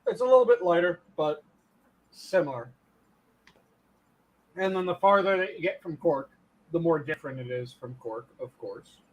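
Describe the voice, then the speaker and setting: A man's voice: a little high, animated, normal speed, long pauses. A man who acts on stage, co-hosting a casual online chat and telling stories emphatically with plenty of swearing. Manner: emphatic, profane storytelling. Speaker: podcast co-host and stage actor.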